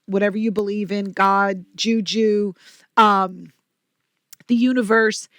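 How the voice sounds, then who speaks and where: A woman guest on a podcast, telling stories in an energetic, chatty way with quick asides. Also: mid-range voice, no room sound, studio quality. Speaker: podcast guest, company president. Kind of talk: casual interview talk.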